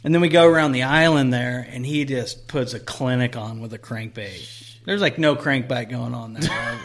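A man's voice: mid-range voice, normal speed. A man in casual chat, telling a long fishing story in a rambling way with lots of fillers and swearing.

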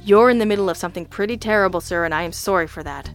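Narrator voicing a polite, steely male detective, measured and firm. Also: fairly low pitch, soft background music, lightly acted. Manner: calm, courteous, firm. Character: brisk, polite adult male private detective.

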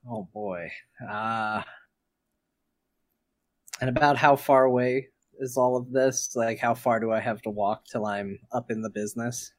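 A man's voice: mid-range voice, steady tone, unhurried. Guy playing a tabletop game, careful questions, ordinary voice. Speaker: player.

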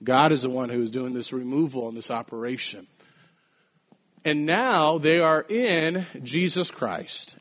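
A man preaching an earnest, emphatic podcast sermon, slowing down to stress key phrases. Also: on the high side, highs cut off.

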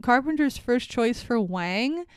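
A woman co-hosting a casual movie review chat, animated and swearing, playing up her confusion and acting out the characters. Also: on the high side, takes it slowly, clear, resonant tone, no room sound. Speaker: podcast co-host.

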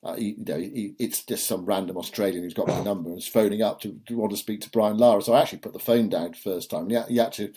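Cricket podcast co-host, deepish mellow voice, chatty, keeps steering back to the topic. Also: male voice, quick pace, few pauses, slightly rough. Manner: chatty, prompting, with digressions. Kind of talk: casual conversational chat.

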